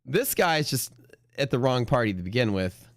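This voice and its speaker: A man hosting a live day trading stream, chatting casually and joking, then pitching his trading classes. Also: sing-song, moderate pace, no echo, studio quality. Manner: joking, laughs at his own jokes.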